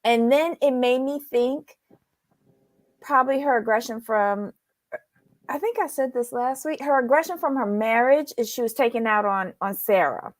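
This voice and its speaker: A woman's voice: a little high, normal speed, dry recording. A woman co-hosting a casual recap chat, rambling with fillers and restarts as she goes through her takeaways. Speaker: podcast co-host.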